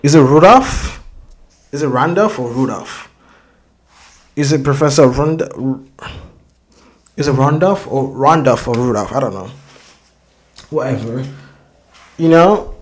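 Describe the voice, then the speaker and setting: A man's voice: mid-range voice, lively intonation, measured pace, long pauses. A man hosting a reaction video, talking casually and rambling, swearing a lot and often searching for words.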